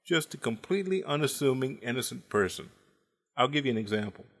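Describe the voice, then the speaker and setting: A man's voice: mid-range voice, lively intonation, a little fast, fairly bright tone. A man in his forties telling comic family stories in a dry, wry way, timing his punchlines. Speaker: storyteller. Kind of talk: comedic storytelling monologue.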